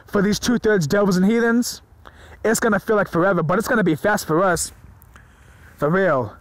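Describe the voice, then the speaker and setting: A man preaching to his viewers in an excited, informal way, often stumbling over his words and swearing freely. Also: high-pitched, no echo, low-quality recording. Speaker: religious video preacher. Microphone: phone or screen recorder mic.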